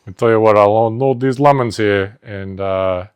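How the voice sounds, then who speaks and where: A man's voice: lowish voice, moderate pace, a little mellow, clean tone, no echo, dull audio, close to an everyday voice. A man putting on a brash Jersey tough guy. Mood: brash bragging. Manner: brash, boisterous street-tough bravado. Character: loud tough-guy Jersey Italian deli worker, brash.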